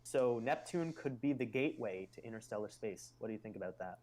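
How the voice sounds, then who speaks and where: A man's voice: on the low side, lively intonation, fairly quick, a little mellow. A man hosting a live stream, explaining ideas in casual chat and musing aloud with loose fillers.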